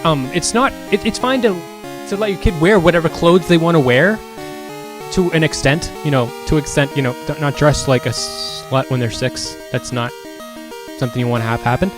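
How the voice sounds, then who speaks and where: A man's voice: a little high, normal speed, music in the background. A man streaming and chatting casually, reading out chat comments and rambling through his thoughts with frequent restarts. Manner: rambling and self-questioning, with many restarts; grows louder and more heated later on.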